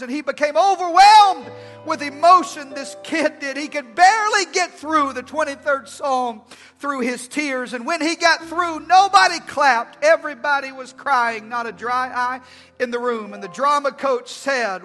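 Pastor guy preaching, real high tense voice, big echoey hall w/ soft music under. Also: measured pace. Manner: dramatic preaching, swings from loud to hushed. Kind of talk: sermon. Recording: long hall reverb with faint music.

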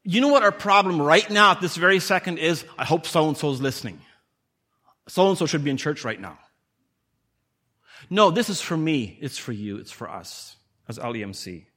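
A man's voice: on the high side, expressive, normal speed, sharp tone. A man, a pastor, preaching a sermon in a conversational way, asking the congregation questions and acting out little scenes. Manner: conversational preaching with rhetorical questions and acted-out dialogue. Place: church. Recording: church hall with long reverb.

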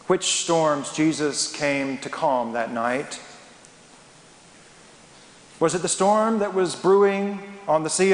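A man preaching a sermon as a pastor, emphatic and dramatic, asking rhetorical questions. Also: a little high. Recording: echoey hall with long reverb.

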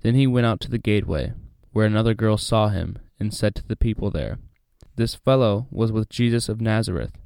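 A man with a lowish, mellow voice reads a Bible passage and then chats about it casually, full of "uh" and "like". His voice is smooth and clear, recorded close and dry. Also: fairly quick, hardly any pauses, no echo. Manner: relaxed, chatty, many fillers. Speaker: Bible study host. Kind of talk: casual Bible reading and commentary.

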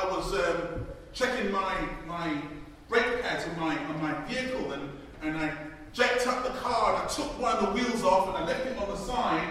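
A man preaching a sermon, moving between chatty storytelling and slow, emphatic declarations. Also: sits high, a bit bright, a little hiss or hum. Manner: conversational storytelling, then emphatic slow proclaiming. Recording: very echoey hall, from far off.

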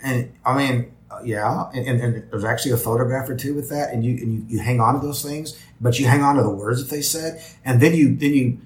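A man's voice: medium pitch, a little fast, few pauses, reverberant. A man talking as a podcast guest in casual interview chat, rambling with many restarts and repeated words.

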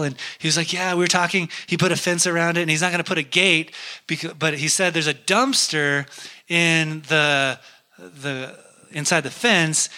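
Pastor, male, bright forceful tone, candid and self-deprecating sermon storytelling. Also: on the high side.

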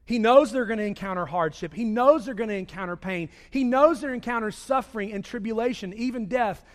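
A man preaching a sermon, swinging between loud raised delivery and hushed low passages. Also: fairly quick. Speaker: pastor. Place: church sanctuary. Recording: long reverb of a large hall.

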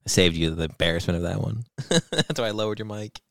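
A man's voice: lowish voice, fast, vocal fry, dry recording. A young man co-hosting a podcast, teasing and swearing, laughing often in casual banter. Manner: teasing, profane, laughs a lot. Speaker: podcast co-host.

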